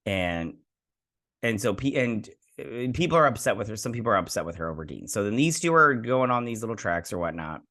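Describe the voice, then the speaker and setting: Man, show host, casual episode recap, rambling, many fillers, slightly low voice. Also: sing-song, a little fast, sharp tone. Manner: rambling retelling full of fillers and "he's like" quotes. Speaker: host and TV reviewer.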